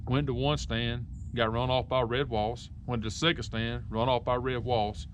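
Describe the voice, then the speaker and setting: A man's voice: medium pitch, little pitch movement, normal speed, slight background noise. A man hosting a casual interview, chatty and joking, with sarcastic asides. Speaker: outdoors show host.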